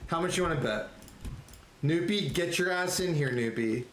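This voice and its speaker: A man chatting casually on a live game stream, excitable and rambling, laughing often. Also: fairly high pitch, normal speed, a little hiss or hum. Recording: echoey room with faint ambience.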